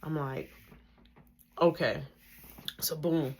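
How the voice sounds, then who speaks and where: A woman recounts a story in a casual vlog style. Her voice sits slightly low but leaps up sharply when she gets animated, and her phrasing is loose and slangy. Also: fairly quick. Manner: animated, slangy storytelling with big pitch swings. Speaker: vlogger telling a story.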